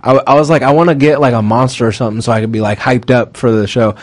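A man's voice: mid-range voice, steady tone, fast. A young man telling a story in casual chat, full of "like" fillers and restarts. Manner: rambling, lots of "like" fillers.

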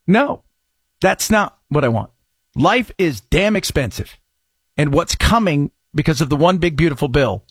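A man hosting a talk radio show, speaking sarcastically and bursting into mocking shouts in a high voice. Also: breathy edge, no echo, studio quality. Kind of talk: opinionated talk radio monologue.

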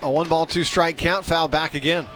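A man's voice: fairly high pitch, normal speed, a faint crowd. Chatty baseball play-by-play man. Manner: chatty, self-deprecating, excitable on big plays. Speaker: play-by-play announcer.

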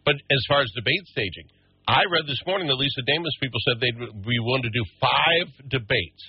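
A man hosting a casual political talk show, opinionated and animated, often restarting his sentences. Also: medium pitch, brisk, husky, dry recording, dull audio.

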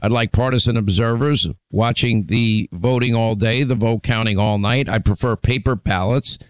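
A man's voice: medium pitch, normal speed, smooth, dry recording. A man hosting a call-in talk radio show, talking emphatically with frequent restarts as he lists his points.

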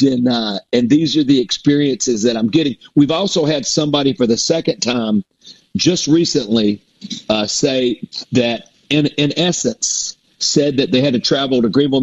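A middle-aged man with a slightly husky voice tells long stories about his shows, circling back with restarts and fillers. The audio sounds dull and lo-fi, as if through a modest mic. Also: mid-range voice, normal speed. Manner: rambling, with many restarts and fillers. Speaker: performer and guest. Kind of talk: casual interview storytelling. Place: performs a resident show in a Mississippi theater.

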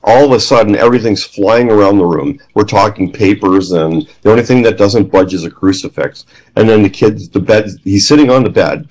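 A middle-aged man with a lowish voice tells a story as an interview guest. He talks in bursts and acts out the lines of the people he quotes, so his pitch jumps around. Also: a little fast, darkish tone, rough recording. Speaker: guest, former police trainer.

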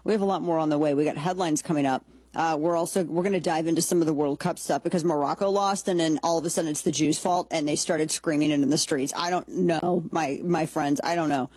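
Husky-voiced woman hosting blunt political talk. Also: deep voice, steady tone, fast talker, darkish tone, dry recording. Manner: sarcastic, blunt and jokey, with frequent restarts. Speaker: political talk show host. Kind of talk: opinionated political commentary.

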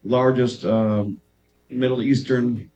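A man's voice: medium pitch, fairly even intonation, slow, mellow, highs cut off. A man hosting a casual chat in a venue's green room, rambling and repeating himself as he talks. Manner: chatty, rambling, repeats words like "right, right". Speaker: podcast host.

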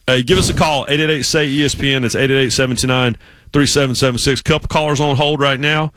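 A man's voice: medium pitch, steady tone, fast, a bit bright, slight background noise. A middle-aged man hosting sports talk radio, telling a long story with many restarts. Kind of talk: casual sports radio chat.

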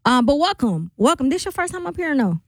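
A woman's voice: high voice, very animated, fast, dry recording. A woman hosting a radio show, chatting casually and laughing often with an upbeat delivery. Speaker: radio host. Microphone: studio microphone.

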